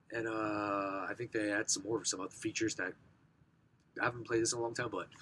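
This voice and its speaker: A young man with a hoarse, rough voice from recent sickness, casually showing off his game collection, rambling and clearing his throat. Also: lowish voice, pushed and bright, a little hiss or hum. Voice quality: rough, smoker-sounding voice. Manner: rambling, self-correcting, frequent throat clearing.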